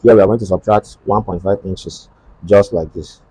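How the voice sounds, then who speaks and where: A man's voice: low-pitched, steady tone, dark tone, husky, no room sound, rough recording. A man teaching sleeve drafting step by step, repeating himself and thinking aloud as he draws and measures. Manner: halting, repetitive, thinks aloud while drawing. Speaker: tailoring instructor. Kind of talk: step-by-step sewing tutorial.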